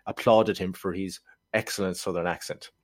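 A man co-hosting a film podcast, talking in a quick, wry, sardonic way and going off on comic tangents. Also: sits low, steady tone, slightly rough, dry recording, studio quality. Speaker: podcast co-host. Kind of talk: casual film review chat.

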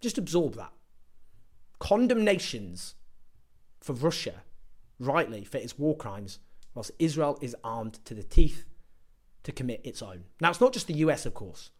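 A man's voice: medium pitch, sing-song, a little slow, pauses often. A man giving an impassioned political commentary, sarcastic and emphatic as he builds his points.

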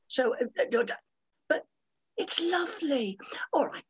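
A woman's voice: high-pitched, animated, unhurried, fairly bright tone, slightly rough, dry recording, rough recording. A woman, talking as an interview guest in a blunt, bawdy and theatrical way. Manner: blunt, bawdy and theatrical, acting out quoted voices. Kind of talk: casual interview chat.

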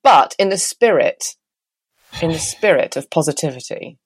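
A woman's voice: deep voice, animated, normal speed, slightly rough, dry recording. A woman with a Southeast London accent, co-hosting a podcast in casual, enthusiastic chat. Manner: chatty, enthusiastic, reads listener emails aloud. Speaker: podcast co-host.

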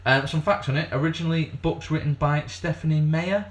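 A man's voice: a little high, fairly even intonation, brisk. Man, podcast co-host, casual banter, rambling facts, sweary, lots of ums.

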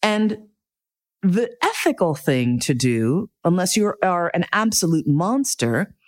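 A middle-aged woman telling a candid, profane, self-mocking story as a monologue. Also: lowish voice.

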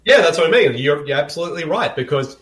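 A man's voice: fairly high pitch, lively intonation, quick pace, fairly bright tone, reverberant. A man, cracking jokes and laughing easily while riffing on a movie. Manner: jokey, laughs a lot. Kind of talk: casual movie riffing chat.

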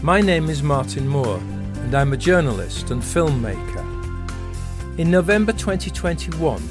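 A man narrating the scripted introduction of a podcast as host, measured and clear. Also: on the high side, sing-song. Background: music.

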